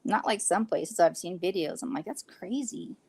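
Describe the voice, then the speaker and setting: A woman's voice: fairly low pitch, normal speed, a little mellow, slightly rough. Woman from California, slight Southern lilt, blunt casual chatter. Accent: slight Southern-sounding lilt. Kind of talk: casual chat.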